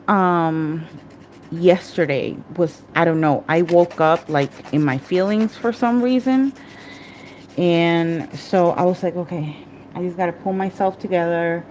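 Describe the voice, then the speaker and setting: A woman's voice: lowish voice, darkish tone, a little hiss or hum. A middle-aged woman telling a personal story in a candid, rambling way, full of restarts, as she talks through a nail tutorial. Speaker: nail artist and vlogger.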